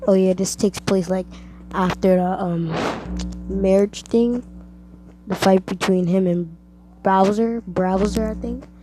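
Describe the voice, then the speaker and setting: A young woman casually making up a fan story out loud, rambling with lots of fillers, with loud music behind. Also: medium pitch, fairly even intonation, slow, rough recording. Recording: music playing loudly behind.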